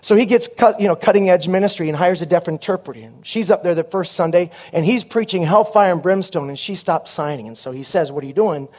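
A man preaching a sermon as a comic story, punchy and animated, with quick asides to the crowd. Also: high voice.

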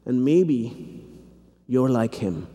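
A man's voice: mid-range voice, lively intonation, very slow, warm tone. A man from India preaching a sermon in a seminary chapel, with earnest, rising, fervent appeals. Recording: long hall reverb.

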